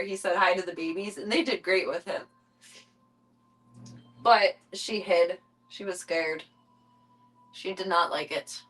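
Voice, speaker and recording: A woman streaming casually from home, chatting to viewers and cooing baby talk at her kittens, her voice jumping high when she talks to them. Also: a bit bright, low-quality recording. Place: home room with cat enclosure.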